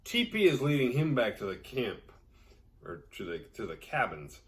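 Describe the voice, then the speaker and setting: A man's voice: mid-range voice, very animated, moderate pace. A man hosting a horror movie podcast, recapping a film in a rambling, sarcastic, profane way. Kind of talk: casual movie recap with jokes.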